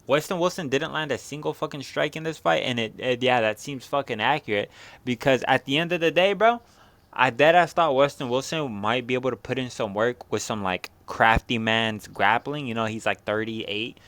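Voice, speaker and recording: A man's voice: medium pitch, moderate pace, a bit bright. A young man hosting a casual fight recap, rambling along in slang and constant swearing.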